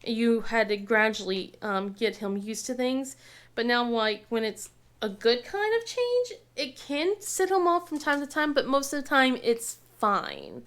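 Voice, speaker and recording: A woman's voice: a little high, big pitch swings, unhurried, fairly bright tone. Chatty, laughing woman telling family stories. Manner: chatty storyteller, laughs often, acts out family quotes. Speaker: craft vlogger. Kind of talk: casual chat while crafting.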